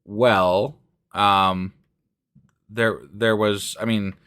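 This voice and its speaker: A man's voice: fairly low pitch, level tone, extremely slow, bright, forceful tone, smooth. A man co-hosting a casual podcast from home, ranting in an exasperated way and swearing a lot. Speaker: podcast co-host. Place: living room at home.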